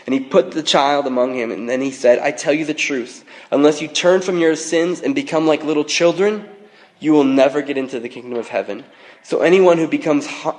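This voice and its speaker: A man in his thirties preaching a sermon in a relaxed, conversational way, joking and using frequent fillers. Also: mid-range voice. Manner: conversational, self-deprecating humor, frequent fillers. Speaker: pastor. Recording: long reverb of a large hall.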